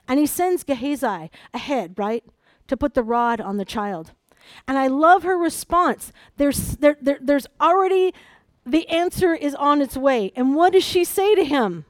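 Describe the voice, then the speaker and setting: A middle-aged woman preaches with an animated delivery, dropping to hushed storytelling and rising to loud, emphatic calls. Her voice sits fairly high, and the recording is dry and close. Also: no room sound. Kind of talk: sermon.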